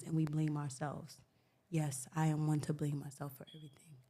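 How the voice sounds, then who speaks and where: A woman's voice: low voice, monotone, moderate pace, dark tone. A woman on a podcast speaking in an earnest, reflective way about faith and purpose. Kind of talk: casual podcast talk.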